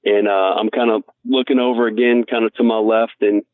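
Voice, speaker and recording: Speaking a little fast in a steady, fairly low voice, a guest angler tells heartfelt, earnest stories during a casual interview, frequently using the word "man." The audio is dry and tinny like a phone call, without echo.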